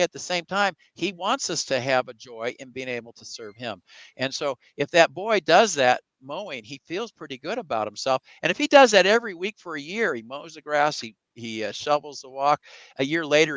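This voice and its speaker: A man with a bright, fairly high voice tells a long story in an interview, earnestly, and slips into the voices of the people in it. The sound is close and dry with no room around it. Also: expressive, normal speed, dry recording, rough recording. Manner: earnest storyteller who acts out quoted voices. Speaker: evangelical Christian guest. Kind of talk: conversational interview.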